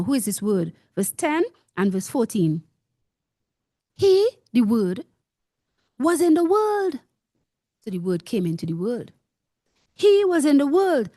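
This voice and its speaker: A woman teaching from the Bible in the style of a sermon, her pitch climbing and falling widely as she presses each point. She speaks slowly and deliberately and reads the verses aloud before explaining them. The sound is dry and close. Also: mellow, no room sound. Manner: emphatic, reads scripture aloud and explains it, asks listeners to confirm. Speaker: preacher.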